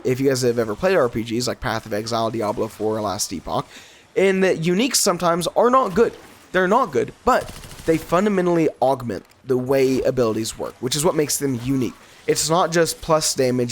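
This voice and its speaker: A man with a cold and a stuffy, nasal voice, giving rambling gameplay commentary and getting sidetracked. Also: medium pitch. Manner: rambling, easily sidetracked, laughs often, voice jumps up in excitement. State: congested from a cold. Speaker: gaming YouTuber.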